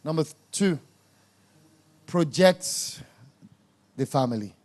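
A man delivers a sermon in a high voice. He preaches emphatically, scolding his listeners and hammering points home by repeating words. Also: lively intonation, takes it slowly, a little mellow.

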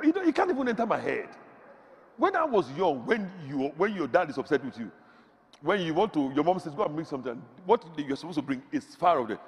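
A man from Africa preaching a sermon as pastor, with sudden shouts and big swings in his voice. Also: mid-range voice, slightly rough, in a large hall.

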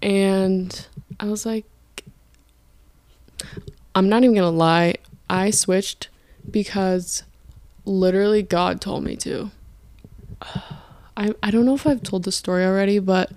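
Speaking at a medium pitch with a steady, somewhat mellow tone, this young adult podcaster goes a little slow, leaving long pauses, with no room sound. She's a college student rambling chattily on her solo dorm-room show, frequently interrupting herself, recorded on a podcast mic and filmed for video.

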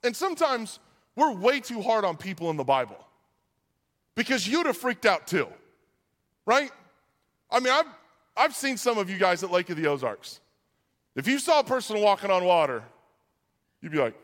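Chatty pastor preaching in a big hall. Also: male voice, high voice, moderate pace. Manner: conversational, uses "like" often, animated storytelling. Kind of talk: sermon. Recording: long hall reverb.

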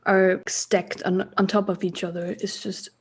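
A woman co-hosting a casual podcast, playful and animated, reading song lyrics aloud. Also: mid-range voice, unhurried, slightly rough. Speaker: podcast co-host. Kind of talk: casual chat about a song.

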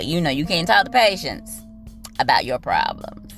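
Gravelly-voiced woman ranting about work. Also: lowish voice, wildly swooping pitch, moderate pace, fairly bright tone, soft background music. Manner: blunt, profane and exasperated. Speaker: nurse telling a work story. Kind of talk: casual storytelling rant.

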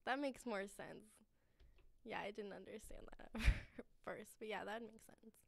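Young woman, podcast guest, gravelly voice, short reactive replies. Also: medium pitch, a little slow. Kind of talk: casual chat.

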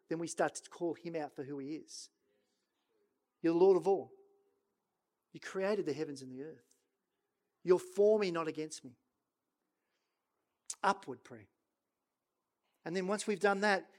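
A middle-aged male pastor delivering a sermon, swinging from loud urging to hushed, slow prayerful lines. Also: high voice.

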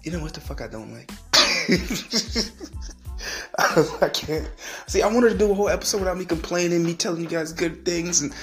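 A man's voice: high-pitched, moderate pace, a bit bright, faint music behind. A man hosting a solo podcast, ranting in a profane, rambling way and repeating himself. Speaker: podcast host.

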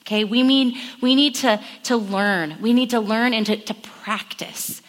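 A woman giving a sermon at a camp, acting out inner voices in quick murmured asides. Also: on the high side. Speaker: camp speaker. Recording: long echo of a hall.

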